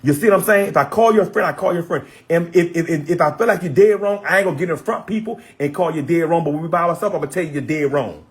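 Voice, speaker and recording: Husky-voiced man in a heated rant. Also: a little high, very fast, hardly any pauses. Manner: repetitive, blunt, profane. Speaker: social media personality.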